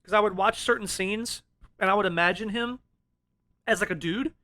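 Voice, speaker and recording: A man's voice: high voice, normal speed, bright, forceful tone. A man chatting casually about a film on a podcast, laid-back and profane, often laughing. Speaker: podcast co-host.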